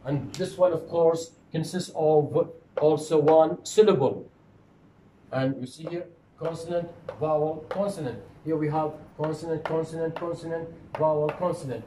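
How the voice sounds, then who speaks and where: A man's voice: fairly high pitch, steady tone, moderate pace, dark tone. Man giving a lecture. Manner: repetitive, asks questions and answers them. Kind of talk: phonetics lecture. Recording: echoey room with faint noise.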